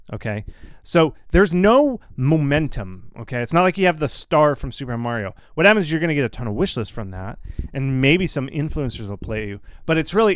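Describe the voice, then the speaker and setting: Guy doing a live q&a, smooth clear voice, dry close mic, blunt and keeps telling you to relax. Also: on the high side, dry recording. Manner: blunt, reassuring, repeats himself, quick asides. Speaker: host answering viewer questions. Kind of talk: casual live Q&A.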